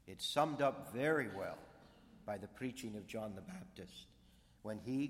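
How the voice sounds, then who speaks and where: A man preaching a sermon, slow and deliberate, stressing key words from the pulpit. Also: mid-range voice. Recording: long reverb of a large hall.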